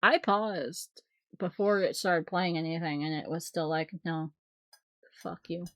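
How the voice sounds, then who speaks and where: Expressive woman streamer, dry sound. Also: fairly low pitch, a little slow, dry recording. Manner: expressive, swearing, laughing often. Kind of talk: casual live reaction stream.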